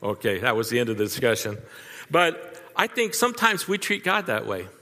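A man's voice: medium pitch, big pitch swings, fairly quick, sharp tone, in a large hall. An older man preaching a sermon, telling folksy family stories in a conversational way and turning to the audience with asides. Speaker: pastor. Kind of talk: storytelling sermon.

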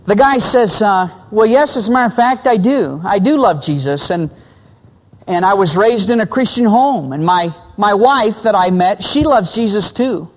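High-voiced man preaching in an echoing hall. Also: expressive, normal speed. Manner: acts out quoted voices, drops low for men's lines. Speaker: pastor. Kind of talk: sermon illustration storytelling.

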